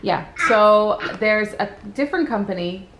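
A woman in her thirties talking casually to camera in her home kitchen, relaxed and chatty with frequent ums. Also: medium pitch, unhurried, heavy background noise. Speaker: vlogger mother. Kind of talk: casual family vlog chat.

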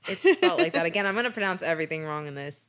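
A woman's voice: fairly low pitch, sing-song, very fast, fairly bright tone. An American woman co-hosting a true-crime podcast in a loose, joking chat. She swears freely and laughs often as she recaps the case in an easygoing, conversational way. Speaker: podcast co-host.

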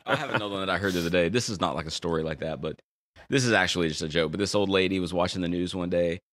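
A man's voice: low-pitched, very fast, fairly bright tone. A middle-aged man co-hosting a podcast in casual chat, trading dad jokes playfully. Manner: dad-joke teller, playful. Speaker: podcast co-host.

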